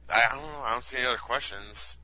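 A man's voice: medium pitch, very fast, pushed and bright, lo-fi sound. A man co-hosting a casual gaming podcast, reading listener questions and hedging his answers in a self-deprecating way.

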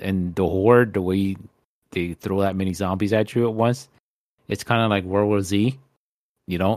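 A man's voice: low voice, darkish tone, no echo. A man in a casual chat about video games, eager and loose, swearing and calling people dude. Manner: enthusiastic, swears, says dude.

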